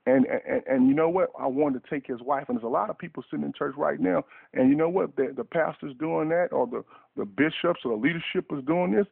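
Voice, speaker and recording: A man's voice: fairly high pitch, lively intonation, a little fast, gravelly, husky, no echo. A man preaching a fervent radio sermon, repeating and restarting words in bursts, heard over a dry phone line.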